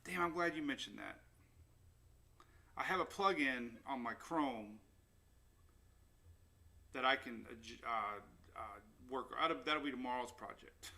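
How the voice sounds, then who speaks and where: A man's voice: medium pitch, unhurried, vocal fry, long pauses, pushed and bright. A man hosting a casual weather livestream, rambling and upbeat as he chats with viewers. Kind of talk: casual live-stream chat. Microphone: new desktop microphone.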